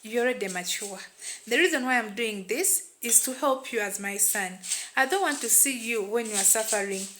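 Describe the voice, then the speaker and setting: A woman's voice: a little high, normal speed, sharp tone, a little hiss or hum. A woman voicing an insistent, coaxing aging mother in a told story.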